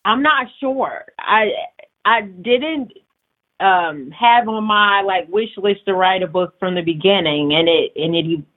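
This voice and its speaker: A woman talking as a guest author in a casual interview, chatty, quick to laugh and full of fillers. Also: medium pitch. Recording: tinny phone-like line.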